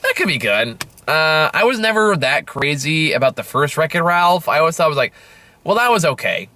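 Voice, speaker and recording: A man's voice: fairly high pitch, lively intonation, a little fast, sharp tone. A young man giving a rambling, casual movie review, full of fillers, self-corrections and offhand swearing.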